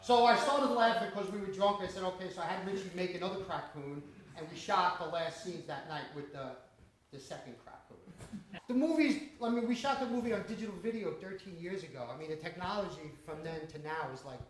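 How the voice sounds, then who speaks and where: High-voiced New man telling stories. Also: brisk, slight background noise. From the Bronx, New York. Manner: storytelling, laughing often, swearing. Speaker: independent filmmaker. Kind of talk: Q&A after a film screening. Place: small cinema venue. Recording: echoey room with audience. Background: audience.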